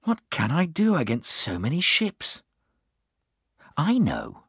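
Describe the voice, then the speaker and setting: A man's voice: fairly high pitch, wildly swooping pitch, takes it slowly, vocal fry, bright, forceful tone, husky, dry recording, clean studio sound, voice pushed up, heavily acted. A man voicing an earnest young giant in a storybook reading, exclaiming in surprise.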